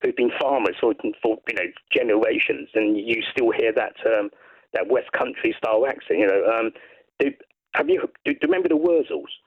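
A man's voice: on the low side, brisk. A man from England calling in to a radio show, chatting eagerly and rambling with lots of restarts. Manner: rambling, enthusiastic, many restarts. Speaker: caller. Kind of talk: casual chat on a radio phone-in. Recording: phone line.

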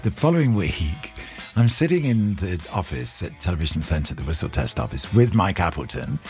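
An older man, a radio guest telling lively stories and slipping into other people's voices. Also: low voice, moderate pace, soft background music. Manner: animated anecdote-telling, doing voices and laughing. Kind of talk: radio interview storytelling.

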